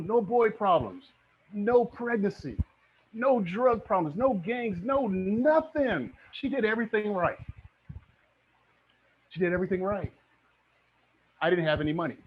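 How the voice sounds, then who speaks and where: A middle-aged man teaching real estate in a live online webinar, energetic and motivational, often checking in with "okay?". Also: high voice, slightly rough, dull audio.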